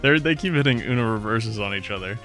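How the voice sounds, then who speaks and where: A man's voice: on the low side, animated, fast talker, bright, forceful tone, soft background music. A man doing casual gameplay commentary, cracking jokes and sounding exasperated at the game. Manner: joking, exasperated asides. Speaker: gaming YouTuber.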